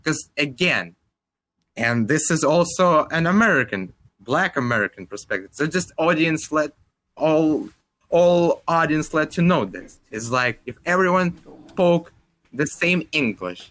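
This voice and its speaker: Bright-voiced young Russian-accented man. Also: fairly high pitch, big pitch swings, unhurried. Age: 20s. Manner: rambling, heavy use of "like", casual swearing. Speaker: podcast co-host. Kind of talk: casual podcast chat.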